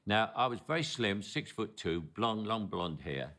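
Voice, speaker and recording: A man's voice: lowish voice, sing-song, normal speed, fairly bright tone. An older man with a Cockney accent, narrating a documentary as he tells anecdotes with small stumbles and repeated words. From London.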